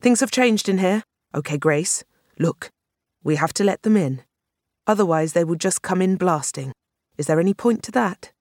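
A man's voice: high voice, lively intonation, normal speed, darkish tone, no room sound, studio quality, pitched above the performer's own voice. A reader voicing a pressed male minister. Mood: urgent. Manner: taking charge, urgent and appealing.

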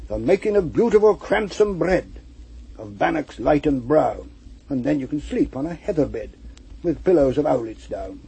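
Man playing a gentle old troll, husky, mellow, earnest storybook voice. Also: a little high, big pitch swings, moderate pace, exaggerated voice. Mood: kindly. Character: lonely gentle old male troll, kind. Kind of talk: poetry reading.

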